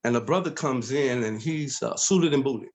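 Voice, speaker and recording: A middle-aged man telling his story as an interview guest, animated and acting out voices in quotes. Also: mid-range voice, moderate pace.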